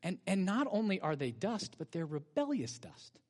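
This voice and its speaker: A man preaching from the pulpit in a voice pitched a bit above most men's. He retells the story with animated energy and keeps throwing rhetorical questions at the congregation. His words ring out with a long trailing reverb, as in a church hall. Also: normal speed, hardly any pauses. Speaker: pastor. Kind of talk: sermon. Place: church sanctuary.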